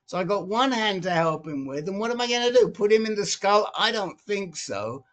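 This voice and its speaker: A man's voice: high-pitched, expressive, moderate pace, a bit bright. A man on a group video call, telling a story with many restarts and repeated words. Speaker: support group member.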